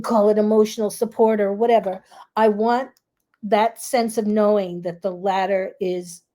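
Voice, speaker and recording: A woman coach calmly telling a personal story in a reflective, unhurried way. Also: mid-range voice. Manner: calm, reflective, acts out her own fearful self-talk. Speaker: grief relief coach and host.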